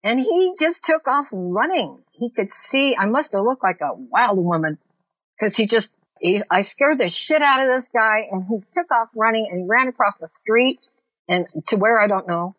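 A woman's voice: a little high, expressive, moderate pace, a bit bright, breathy edge, dry recording, muffled recording. A woman recounting a frightening personal experience in an earnest, vivid way, with frequent fillers. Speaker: interviewee recounting an assault. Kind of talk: personal storytelling.

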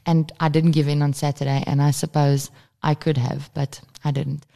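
A woman's voice: sits low, flat delivery, moderate pace, creaky, warm tone. A woman, co-hosting a casual parenting podcast and talking candidly, swearing freely. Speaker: podcast co-host. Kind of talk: casual chat.

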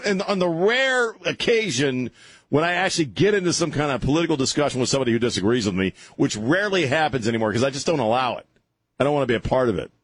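Husky, ranting talk radio host. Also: male voice, a little high, fairly bright tone, dry recording. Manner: ranting, sarcastic, restarts often. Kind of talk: opinionated talk radio monologue.

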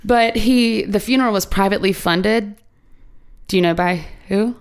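Woman with a creaky voice, swearing casually. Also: medium pitch, moderate pace. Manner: profane, joking storyteller. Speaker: podcast co-host. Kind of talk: casual chat.

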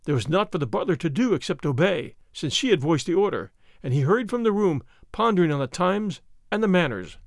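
A man narrating an adventure story aloud with expressive storytelling. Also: sits high, brisk, creaky, few pauses, no room sound, clean studio sound. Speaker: audiobook narrator. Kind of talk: scripted narration.

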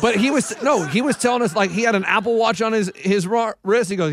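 A man's voice: high-pitched, brisk, no room sound. A man co-hosting a podcast, telling rambling anecdotes full of restarts in casual chat. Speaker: podcast co-host.

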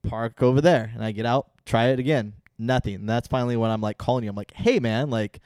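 A man's voice: medium pitch, fast, a little mellow, dry recording, clean studio sound. A young man co-hosting a podcast in an easygoing, laughing way. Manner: laid-back, laughs a lot, says yeah often. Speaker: podcast co-host. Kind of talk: casual banter.

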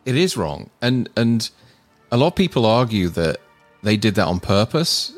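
A man's voice: fairly low pitch, very animated, normal speed, faint music behind. A man co-hosting a casual film podcast, earnestly explaining his picks at length. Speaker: podcast co-host. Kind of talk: casual film review chat.

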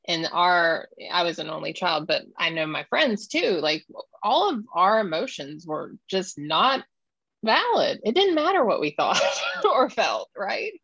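A woman's voice: fairly low pitch, big pitch swings, measured pace, fairly bright tone, slightly rough, no room sound, highs cut off. A woman hosting an interview, talking candidly about her own childhood. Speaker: interview host. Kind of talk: interview conversation.

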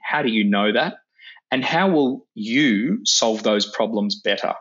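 A man's voice: lowish voice, fairly bright tone, dull audio. A man, a leadership coach, talks earnestly as a podcast guest with frequent fillers and restarts. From Australia. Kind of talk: podcast interview.

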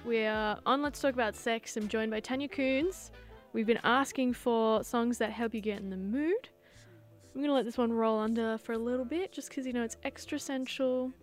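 A woman hosting a radio show, upbeat and brisk as she introduces her guest. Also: fairly high pitch. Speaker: radio host. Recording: music playing under the voice.

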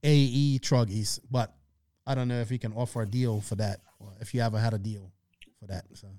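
Male podcast host, casual and chatty. Smooth, dry close-mic sound. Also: mid-range voice, steady tone, a little fast, mellow, no echo. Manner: loose and chatty, reads listener questions aloud.

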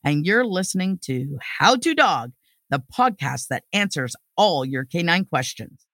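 A woman hosting a podcast, chatting with a guest and reading the show's outro in an upbeat, lively way. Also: lowish voice, measured pace, dry recording, studio quality. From Canada. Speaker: podcast host.

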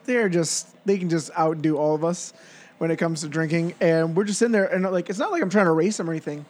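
A man co-hosting a casual beer review chat, opinionated and quick to laugh. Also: fairly high pitch, a little mellow. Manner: chatty, opinionated, laughs often.

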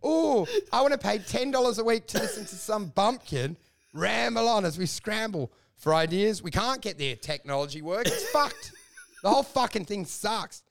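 A man, rambling excitably and swearing in casual podcast banter. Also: high-pitched, normal speed, creaky. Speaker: podcast co-host.

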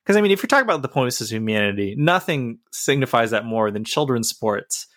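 A man's voice: mid-range voice, lively intonation, fast talker, a bit bright, no echo, clean studio sound. A man in casual podcast chat, earnestly and animatedly retelling a story.

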